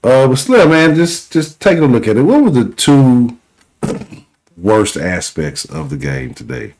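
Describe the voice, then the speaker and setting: A man with a Houston accent hosting a call-in sports talk show, laid-back and slangy, often trailing off quietly. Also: mid-range voice, big pitch swings, unhurried. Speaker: sports talk radio host. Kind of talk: casual call-in show chat.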